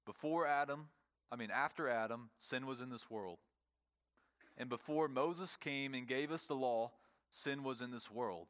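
A male pastor delivering a sermon in a church with an emphatic preaching manner. His voice sits in an ordinary middle pitch, and he leans on words through pauses and repetition. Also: fairly bright tone.

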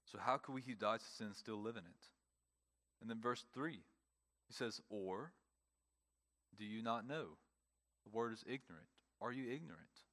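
A man preaching a sermon, emphatic, with pauses and repeated phrases, speaking to a congregation in a church. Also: lowish voice, fairly bright tone. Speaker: pastor.

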